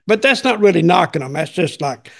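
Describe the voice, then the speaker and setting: A man's voice: high voice, lively intonation, a little fast, vocal fry, fairly bright tone. An older man hosting a podcast, telling folksy, rambling stories in casual chat. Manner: rambling, folksy, repeats himself. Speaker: podcast host.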